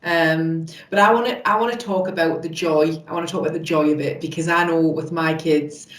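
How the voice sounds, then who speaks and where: A woman's voice: deep voice, steady tone. Reflective woman host, echoey and distant. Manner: reflective, halting, many fillers. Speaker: podcast host. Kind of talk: interview questions. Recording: echoey room, distant mic.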